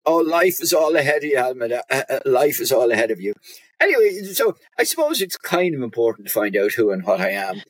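Irish doctor guy, husky voice, bouncy pitch, wry and teasing, stops and restarts a lot. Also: big pitch swings, brisk, no echo. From Ireland. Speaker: guest, doctor. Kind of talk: casual chat.

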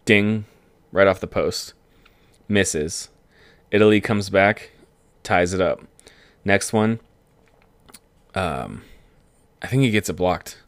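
A young man riffs on the weekend's sports in a loose, rambling monologue. He gets excitable and laughs at his own jokes. His voice is low, and the recording is dry and close. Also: slow pace, long pauses, dry recording. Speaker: vlogger. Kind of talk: casual sports commentary monologue.

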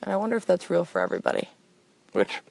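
Gravelly chatty young woman, lively pitch. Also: fast talker, no echo. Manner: rambling, self-deprecating, chatty. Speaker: podcast host. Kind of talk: comic voicemail monologue.

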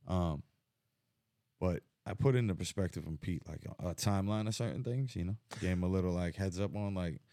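A man's voice: deep voice, fairly quick, warm tone, no room sound, studio quality. A man co-hosting a podcast, talking in a rambling, profane, casual way full of fillers. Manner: rambling, lots of fillers and restarts. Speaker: podcast co-host.

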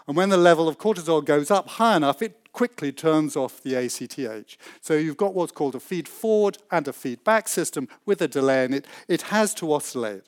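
A man with a fairly high voice lectures on science to a live audience. He explains with open enthusiasm and slips into little acted voices when he tells an example. His delivery is lively and easy to follow. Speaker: researcher giving a talk.

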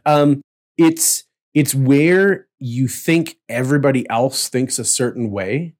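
A man hosting a casual chat about tabletop roleplay, chatty and quick to laugh. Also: medium pitch, darkish tone. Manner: chatty, laughs often, slips into playful voices. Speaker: podcast host, dungeon master.

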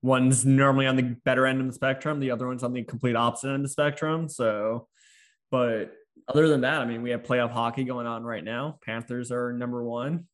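A man's voice: mid-range voice, little pitch movement, fairly quick. A man co-hosting a football podcast, chatting in a matter-of-fact, friendly way. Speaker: podcast co-host. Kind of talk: casual chat.

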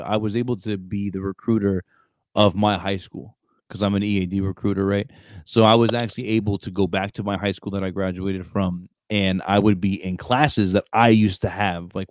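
A young man hosting a podcast, talking bluntly and casually with lots of fillers and quick asides. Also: lowish voice, a little mellow, no echo. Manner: blunt, talks fast with many fillers and acted quotes. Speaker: podcast host, former Marine recruiter. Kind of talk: casual interview chat.

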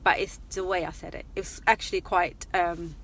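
A woman's voice: on the low side, little pitch movement, moderate pace, a bit bright, slight background noise. A middle-aged woman chatting casually and confidingly on a live vlog from her parked car. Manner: chatty, confiding, laughs often. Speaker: vlogger.

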